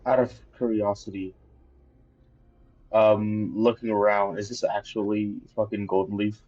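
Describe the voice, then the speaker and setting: A man's voice: lowish voice, little pitch movement, a little slow, darkish tone, no echo. A man playing a tabletop game, asking casual out-of-character questions. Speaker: player. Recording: dull lo-fi stream audio.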